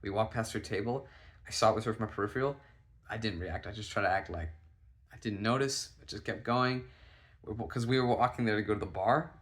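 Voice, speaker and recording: Anxious rambling young man, gravelly voice. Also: fairly low pitch. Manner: anxious, rambling, swearing, acts out his own quotes loudly. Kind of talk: casual storytime monologue.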